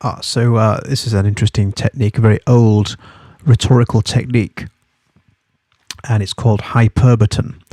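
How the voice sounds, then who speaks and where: Gravelly, flat-voiced male teacher. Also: fairly low pitch, no echo, studio quality. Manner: explanatory, halting, spells words out. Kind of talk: study guide commentary.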